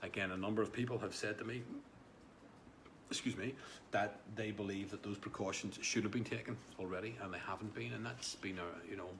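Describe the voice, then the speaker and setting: A man's voice: lowish voice, fairly even intonation, brisk, gravelly, a bit bright, a little hiss or hum. A man chatting casually on a live stream, rambling with restarts and speaking directly to viewers about their comments.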